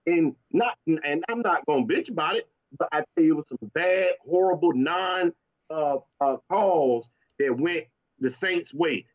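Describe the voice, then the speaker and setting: A man's voice: a little high, unhurried, lo-fi sound. A man griping about his football team's loss and blaming bad calls. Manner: drawling, gripes and makes excuses. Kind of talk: casual sports complaining.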